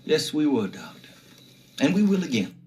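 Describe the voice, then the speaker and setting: A smug plantation owner. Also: male voice, on the high side, very animated, normal speed, darkish tone, slight background noise. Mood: drawling. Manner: smug, drawling, theatrical. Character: pompous young male plantation owner, smug and flamboyant.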